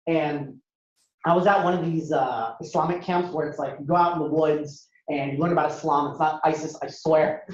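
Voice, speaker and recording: A young man from Ohio telling stories as a stand-up speaker, acting out characters with sudden jumps in pitch. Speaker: comedian and speaker. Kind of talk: storytelling stand-up talk to an audience. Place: university lecture hall. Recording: echoey hall, dull lo-fi sound.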